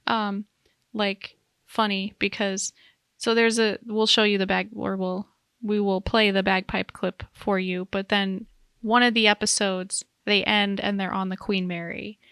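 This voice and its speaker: A woman's voice: mid-range voice, little pitch movement, a little slow, fairly bright tone, smooth, no room sound, clean studio sound. A woman co-hosting a podcast, chatting casually and laughing often. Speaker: podcast co-host. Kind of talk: casual chat.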